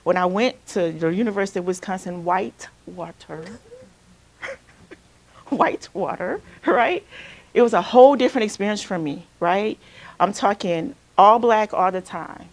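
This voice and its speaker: A woman from Alabama, a counselor, runs a group-sharing workshop in an easygoing way, speaking at normal speed in a medium-pitched voice. She chats conversationally and checks in with "right?" time after time.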